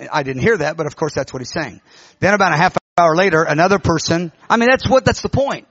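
A middle-aged man, a pastor telling a lively story in a sermon and acting out the voices of the people in it. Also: fairly high pitch, fast talker, breathy edge, dry recording. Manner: animated, acts out quoted voices. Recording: dull lo-fi recording.

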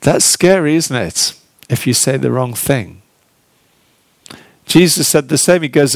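A man's voice: on the high side, animated, slow, vocal fry, long pauses, no room sound. A man preaching a sermon in an earnest, conversational way, asking the listeners questions. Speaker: pastor.

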